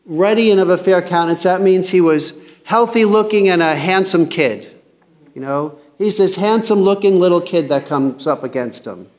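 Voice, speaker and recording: A man's voice: high voice, moderate pace. A man teaching a Bible passage in a casual sermon, reading scripture aloud and commenting in a chatty, joking way.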